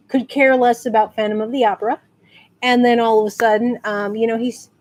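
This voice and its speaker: A woman from San Antonio, Texas, chatting casually in a rambling way and acting out quotes in high squeals. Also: normal speed, darkish tone. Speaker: vlogger. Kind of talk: casual storytelling rant.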